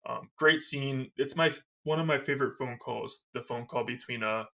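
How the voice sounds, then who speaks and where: A man's voice: medium pitch, moderate pace, creaky, sharp tone. A man co-hosting a podcast, recapping a movie scene in casual chat, quoting its lines and laughing often. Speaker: podcast co-host.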